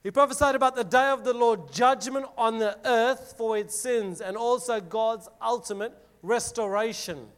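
Casual high-voiced man teaching scripture. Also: moderate pace, hardly any pauses, a bit bright. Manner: casual, dramatic scripture reading with filler words. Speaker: youth preacher. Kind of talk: Bible teaching talk to a group.

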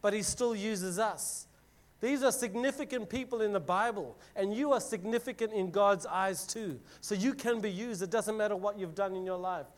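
With a voice that sits high and moves at normal speed, a man leads a group in an informal Bible lesson. He reads the scripture with drama and unpacks it in everyday words, using fillers as a youth preacher.

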